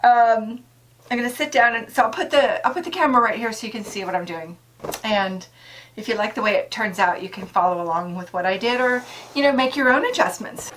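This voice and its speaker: A woman's voice: a little high, fairly quick, a bit bright, poor audio. Chatty woman thinking aloud while crafting. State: out of breath at times. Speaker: DIY vlogger. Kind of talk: casual talk-through while working. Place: camper interior.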